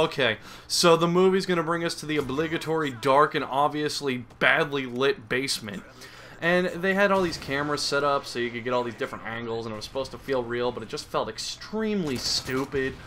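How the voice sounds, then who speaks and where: A man's voice: medium pitch, bright, forceful tone, slight background noise. A young man giving crude, sarcastic comedic commentary over gameplay, rambling and mocking as he goes. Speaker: gaming commentator.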